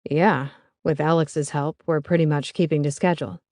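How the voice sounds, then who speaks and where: A woman voicing an easygoing young man, plain-spoken and relaxed. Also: low voice, normal speed, dry recording, clean studio sound, lightly acted.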